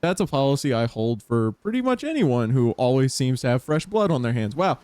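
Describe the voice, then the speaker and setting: A man streaming a dating game, reading its text aloud and reacting with playful laughs and sudden high-pitched bursts. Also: sing-song, a little fast, dark tone, no room sound.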